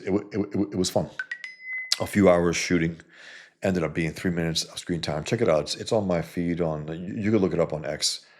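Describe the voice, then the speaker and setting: Male host, rough husky bass voice, scornful and rambling. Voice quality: gravelly, husky low voice. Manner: blunt, scornful, lots of filler and restarts. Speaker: comic book creator and video host. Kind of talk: casual rambling talk to viewers.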